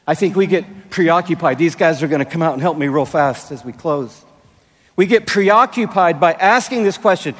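A pastor in his sixties preaching a sermon in a large arena, with emphatic, drawn-out phrasing and playful asides. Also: fairly high pitch, animated. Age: 60s. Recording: long arena reverb.

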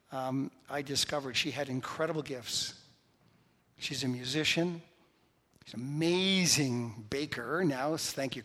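In a church sanctuary, a pastor preaches a sermon and drives his points home by repeating key phrases. His voice is medium-pitched and a bit bright, and the recording carries the long reverb of a large hall.

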